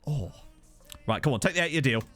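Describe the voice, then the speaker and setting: Over soft background music, a man chats and jokes with viewers while streaming a football management game, responding to their chat. His medium-pitched voice is a bit bright with lively intonation and a slightly fast pace, picked up by a desk USB condenser mic.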